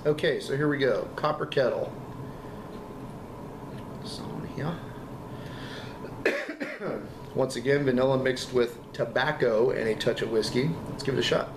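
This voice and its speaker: A man's voice: medium pitch, big pitch swings. Guy with a cough doing a casual review, keeps repeating himself, roomy echo and some noise behind. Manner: halting, repeats words, enthusiastic. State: fighting a lingering cough. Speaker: vape juice reviewer. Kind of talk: casual product review vlog. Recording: echoey room with background noise.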